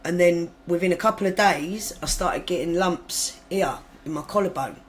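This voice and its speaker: A woman's voice: lowish voice, normal speed, slight background noise, low-quality recording. A woman talks as a podcast guest, telling her story casually and frankly. She rambles and backtracks often and corrects herself, with blunt humour and the odd swear word.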